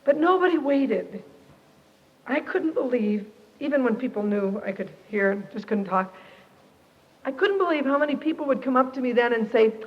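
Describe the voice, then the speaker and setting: A woman giving a personal testimony to a Christian camp audience, expressive and animated, acting out the people in her story. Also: high-pitched, moderate pace. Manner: animated, expressive, quotes herself and others. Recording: dull lo-fi archive tape, reverberant hall.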